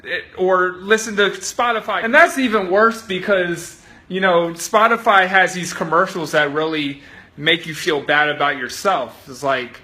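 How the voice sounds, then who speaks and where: Bright-voiced man, sarcastic comic monologue. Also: high-pitched, unhurried, breathy edge. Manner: profane, sarcastic. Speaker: comedian. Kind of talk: comedic storytelling monologue.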